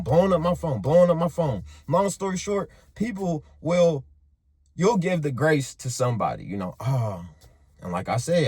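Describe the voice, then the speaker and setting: Husky, animated man telling a story. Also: medium pitch, no echo, clean studio sound. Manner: animated, swings between hushed and loud, profane. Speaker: motivational vlogger. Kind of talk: casual storytelling monologue.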